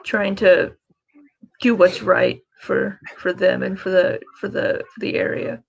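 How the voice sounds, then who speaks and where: A woman's voice: medium pitch, lively intonation, a little slow, vocal fry, dull audio. A woman playing her character in a tabletop game, polite and hesitant, stumbling over words. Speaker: player.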